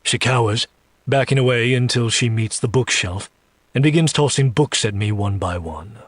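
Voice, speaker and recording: A man narrating a dark romance audiobook, reading slowly and seductively and voicing a demon in first person. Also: mid-range voice, no room sound.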